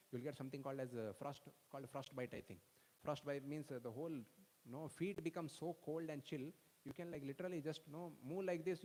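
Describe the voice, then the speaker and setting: A man rushes through an animated storytelling sermon for a youth audience and keeps checking in with his listeners. His voice sits at an ordinary pitch for a man, and a long hall reverb trails behind him. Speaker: speaker at a youth festival.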